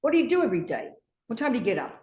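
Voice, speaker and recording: A woman's voice: fairly high pitch, wildly swooping pitch, very fast, a little mellow. An older woman Buddhist teacher, questioning a student in a brusque, confrontational way and swearing freely. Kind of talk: blunt teaching exchange with a student. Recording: echoey teaching room.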